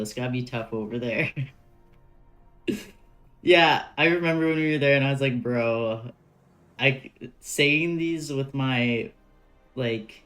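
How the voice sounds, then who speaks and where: A man's voice: medium pitch, a bit bright. A man with a North American accent, streaming a game in casual, slangy commentary and laughing often. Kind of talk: casual live-stream commentary while reading.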